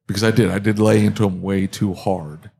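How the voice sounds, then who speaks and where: A man's voice: on the low side, flat delivery, brisk, gravelly, darkish tone, husky. A man co-hosting a podcast, chatting casually, telling rambling, self-mocking stories and laughing often. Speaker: podcast co-host, auto shop owner. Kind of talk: casual chat.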